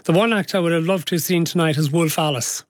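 A man's voice: fairly high pitch, quick pace, no echo. Dry, teasing radio man. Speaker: radio show host. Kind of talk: live radio interview chat.

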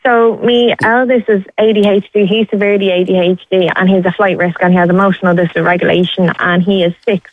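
A woman's voice: medium pitch, flat delivery, brisk, hardly any pauses. Irish woman caller on a tinny phone line. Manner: urgent, pleading, repeats herself. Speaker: radio caller. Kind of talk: emotional phone-in call. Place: outdoors waiting outside a hospital.

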